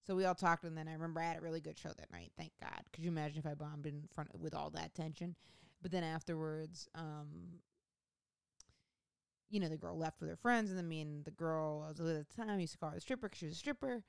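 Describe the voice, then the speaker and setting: Gravelly low-voiced woman comedian. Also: steady tone, fast talker, no room sound, studio quality. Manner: rambling, profane, self-mocking. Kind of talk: casual storytelling monologue.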